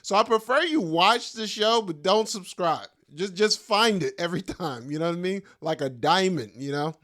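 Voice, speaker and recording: Joking man, higher voice. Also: expressive, normal speed, fairly bright tone. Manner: joking, self-mocking, loose slangy talk with laughs. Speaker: podcast host and stand-up comedian. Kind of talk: casual rambling monologue.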